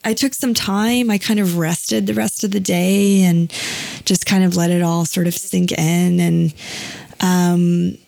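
Gravelly, candid woman podcast host. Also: on the low side, steady tone, measured pace, a little mellow, no room sound. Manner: rambling and emotional, with fillers and self-corrections. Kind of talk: personal, candid podcast talk.

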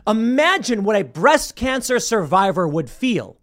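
A male podcast host arguing his point in opinion commentary. His voice swings widely in pitch and sits slightly high for a man. He talks emphatically and stumbles into repeated words when he restarts. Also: big pitch swings, a little slow, a bit bright.

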